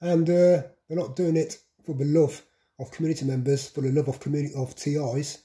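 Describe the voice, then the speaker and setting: A man delivers an insistent vlog monologue, stacking phrase on phrase. His voice is dark and mellow. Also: on the high side, steady tone, brisk. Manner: repetitive listing, insistent. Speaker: vlogger. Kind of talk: monologue to camera.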